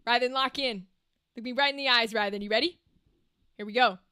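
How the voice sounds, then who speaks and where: Woman streamer, high bright voice, loose and profane with her chat. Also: fairly quick, smooth. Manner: chatty, swears freely, laughs often. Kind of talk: casual chat with a live stream audience.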